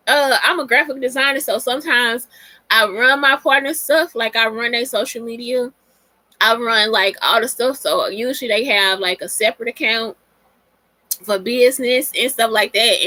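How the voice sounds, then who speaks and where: A woman's voice: a little high, sharp tone, no echo. A woman hosting a casual talk show, speaking bluntly and with lots of profanity as she answers listener questions. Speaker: podcast host.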